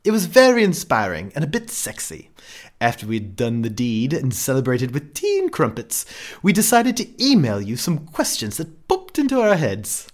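A man's voice: medium pitch, wildly swooping pitch, moderate pace. A man voicing a prim, fussy older British lady in a put-on Southern British accent, reading a letter. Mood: chirpy.

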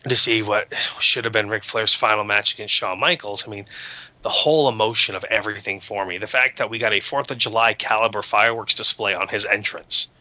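Man, low bright voice, eager rambling storyteller, lo-fi podcast sound. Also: fairly even intonation, fairly quick. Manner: enthusiastic, storytelling with many fillers. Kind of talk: casual chat. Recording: dull lo-fi sound.

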